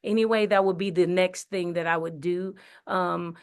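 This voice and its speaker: A woman's voice: lowish voice, fairly even intonation, normal speed, clear, resonant tone. A woman, an actress, telling her story in a casual interview, chatty with many fillers and restarts. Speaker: actress and singer, interview guest. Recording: radio studio interview.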